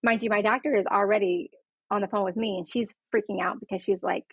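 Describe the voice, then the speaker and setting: A patient relates her own story frankly and earnestly in conversation, acting out those she quotes. Her mid-range voice is husky, with a steady tone and a quick pace. The recording is dry, dull and lo-fi.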